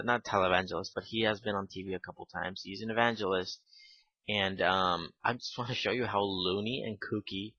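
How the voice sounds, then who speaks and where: A man giving casual spoken commentary, halting with fillers and restarts, and given to irritated asides. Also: lowish voice, sharp tone, no room sound. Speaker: video commentator. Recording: dull lo-fi home recording.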